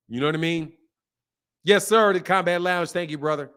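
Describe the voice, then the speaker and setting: A man hosting a boxing channel stream reads chat messages aloud and talks bluntly, rambling and repeating himself with heavy slang. His slightly high voice is fairly bright, clear, and resonant, at a moderate pace.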